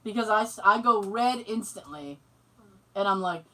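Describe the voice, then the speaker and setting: Lively, bright-voiced woman telling a story. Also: medium pitch, moderate pace, recorded from a distance, rough recording. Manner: animated, swears freely, laughs often. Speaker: podcast co-host. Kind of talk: casual storytelling chat.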